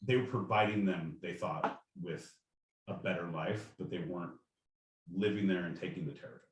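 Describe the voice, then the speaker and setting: A man's voice: deep voice, a little fast, recorded from a distance. A man co-hosting a podcast, chatting casually and rambling with many restarts. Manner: rambling, self-correcting. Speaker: podcast co-host. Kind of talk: casual chat. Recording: roomy sound from off mic.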